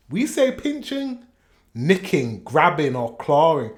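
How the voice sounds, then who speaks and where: A man's voice: fairly high pitch, expressive, moderate pace. Chatty man reacting. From Yorkshire, England. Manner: chatty and rambling, with frequent self-corrections and chuckles. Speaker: reaction video host. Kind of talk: casual reaction commentary.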